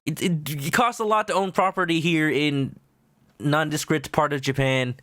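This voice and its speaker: A man's voice: a little high, normal speed, sharp tone, no room sound, clean studio sound. A young man casually commenting on a game as he streams it, joking as he goes. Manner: playful, jokey.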